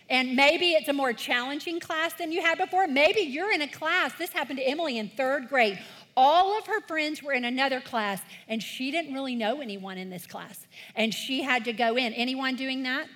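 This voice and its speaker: A woman's voice: high voice, fairly bright tone. A woman leading a church talk for kids and parents, earnest and encouraging, calling the congregation to read scripture aloud with her. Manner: leads call-and-response scripture reading. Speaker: children's ministry leader.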